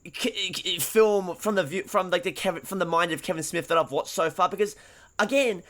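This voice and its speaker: A man co-hosting a podcast talks through a movie in loose, profane bursts. He keeps restarting his sentences. His voice sits a bit high and rings bright. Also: a little hiss or hum. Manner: animated, profane, halting with many restarts. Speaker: podcast co-host. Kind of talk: casual film-review chat.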